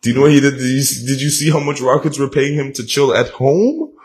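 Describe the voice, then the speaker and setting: A man's voice: mid-range voice, lively intonation, fairly quick, a little mellow. A man co-hosting a casual sports podcast, laid back and defensive as his friends tease him. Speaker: podcast co-host.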